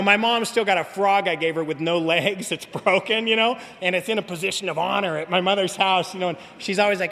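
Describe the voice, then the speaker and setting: A man with an unusually high voice tells his story at a recovery meeting. He talks in an animated, slangy way and throws in casual asides. His voice rings with the long reverb of a meeting hall.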